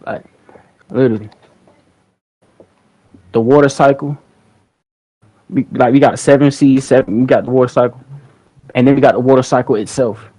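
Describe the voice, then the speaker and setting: A young man talking loosely on a livestream, his voice at an ordinary middle pitch. He rambles in slang, repeats himself and talks straight to his chat from a streaming mic at his computer. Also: fairly even intonation, moderate pace, pauses often, warm tone, poor audio. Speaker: livestream host.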